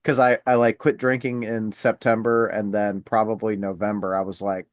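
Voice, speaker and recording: A man's voice: lowish voice, little pitch movement, fairly quick, hardly any pauses, no echo, clean studio sound. A middle-aged man hosting a podcast, telling a funny story in casual chat, swearing freely and acting out the voices of people he quotes. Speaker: podcast host.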